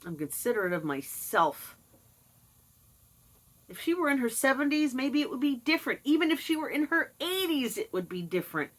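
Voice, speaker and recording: A woman's voice: high voice, sing-song, normal speed. A middle-aged woman talking casually to camera, sarcastic and mocking, putting on voices when she quotes people. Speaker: vlogger. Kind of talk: casual monologue.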